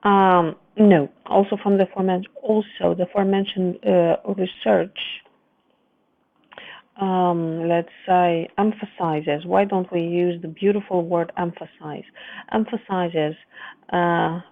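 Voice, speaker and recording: A low-voiced woman tutor reads through a student's essay, pausing to fix words and explain each change. The sound is dry and narrow, like a phone line. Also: steady tone, dry recording. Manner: reads the text aloud, then stops to correct and explain. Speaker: English writing tutor. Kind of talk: essay correction lesson.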